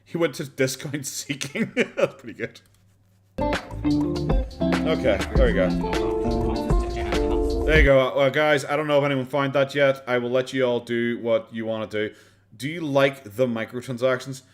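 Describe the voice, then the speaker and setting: A man's voice: medium pitch, steady tone, normal speed, music in the background. An Irish man chatting casually on a live stream while reacting to videos. He rambles, swears and laughs often, and keeps his voice down. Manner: kept quiet, not loud.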